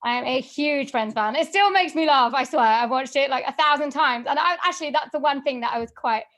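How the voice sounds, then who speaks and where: A woman's voice: high-pitched, fairly quick. A woman being interviewed on a podcast, speaking casually and with animation, with plenty of fillers and laughs. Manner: chatty and animated, laughs often, many fillers. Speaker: guest, voiceover artist and singer.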